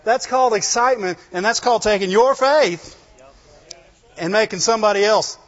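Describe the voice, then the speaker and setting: A man preaching a sermon, animated and full of rhetorical questions, breaking into "Glory to God" again and again. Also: high-pitched, moderate pace. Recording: dull lo-fi sound in a reverberant hall.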